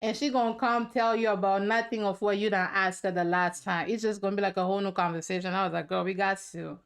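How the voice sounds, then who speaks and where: A young adult woman hosting a casual chat, animated and teasing, with a lot of slang. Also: mid-range voice, quick pace, clear, resonant tone. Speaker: host.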